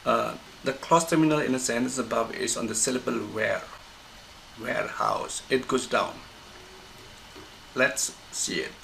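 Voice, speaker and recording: A man explaining stress and intonation in a recorded lesson, halting often to find the word. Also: mid-range voice, vocal fry, fairly bright tone, a little hiss or hum, rough recording. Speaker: English pronunciation teacher.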